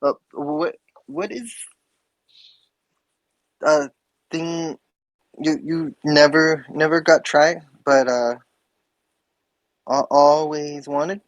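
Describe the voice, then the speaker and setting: A man voicing a big dragonborn barbarian who fumbles halting words. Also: on the high side, steady tone, no echo, lo-fi sound. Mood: awkward.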